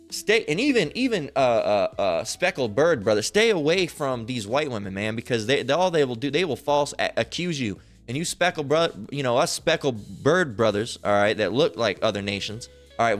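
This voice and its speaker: A man of ordinary pitch delivers a preachy commentary over video clips. He rambles and circles back on his own phrases, checking in with "all right?" over and over. Faint music plays under his voice. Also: a bit bright. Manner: rambling, repeats himself, fillers like "all right?". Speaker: religious commentator.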